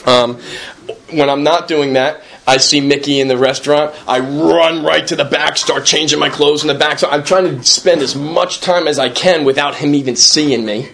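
A man with a fairly high pitch and vocal fry speaks at normal speed with fairly even intonation and a fairly bright tone. A recovering alcoholic sharing his personal recovery at a meeting, he's earnest and self-deprecating, conversational and repetitive, often asking "right?" for agreement.

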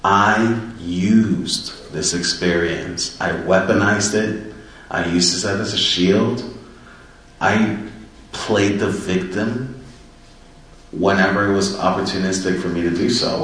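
Low-voiced man, earnest personal storyteller, very echoey room, mic set back. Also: fairly bright tone, recorded from a distance. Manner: earnest and reflective. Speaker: person in recovery sharing his story.

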